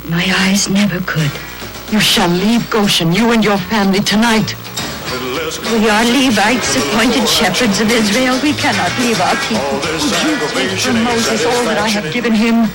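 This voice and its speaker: An actress voicing a mother earnestly pleading for her son in an animated film drama. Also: medium pitch, normal speed, over loud music, natural voice, poor audio. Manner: earnest, emotional. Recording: film clip with loud score.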